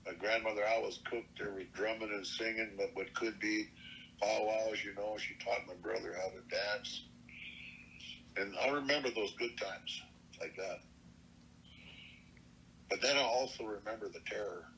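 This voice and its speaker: A man's voice: on the low side, fairly even intonation, normal speed, pauses often, a bit bright, a little hiss or hum, poor audio. Plainspoken older man telling a story. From Montana, US. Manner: plainspoken, earnest, salty. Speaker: elder storyteller. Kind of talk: personal oral-history storytelling.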